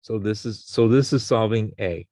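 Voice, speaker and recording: A man's voice: on the low side, normal speed, dark tone, dry recording. A man teaching a college algebra class, explaining each step and checking in with his students. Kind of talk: classroom math lecture.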